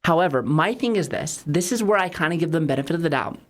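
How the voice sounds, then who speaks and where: A woman's voice: low voice, lively intonation, quick pace. A young adult woman chatting casually on a livestream, playful and joking, swearing and greeting viewers. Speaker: streamer.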